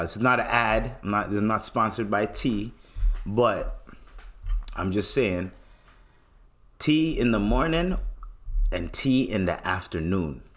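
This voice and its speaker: A young man from Canada hosting a solo podcast, rambling in a relaxed way with lots of slang and swearing. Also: fairly low pitch. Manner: laid-back, swears often, slangy, rambling. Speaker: podcast host. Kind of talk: casual solo podcast talk.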